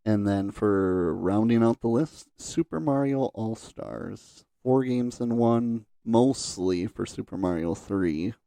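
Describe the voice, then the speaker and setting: A man's voice: lowish voice, slow pace, gravelly, hardly any pauses, dark tone, dry recording. A man co-hosting a casual podcast, laid-back, often answering with short agreeing replies. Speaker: podcast co-host. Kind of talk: casual chat.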